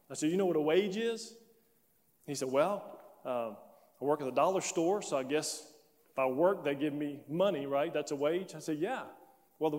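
A fairly high-voiced man preaches in a sanctuary with a long, ringing reverb. He tells a story with animated delivery and plays both sides of a back-and-forth conversation. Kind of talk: sermon storytelling. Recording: long reverb of a large hall.

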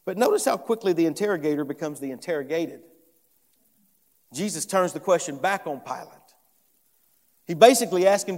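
High-voiced preacher in a reverberant hall. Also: male voice, lively intonation, fairly quick, pauses often, a little mellow. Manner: earnest, emphatic, repeats phrases while building a point. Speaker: pastor. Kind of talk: expository sermon. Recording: long reverb of a large hall.

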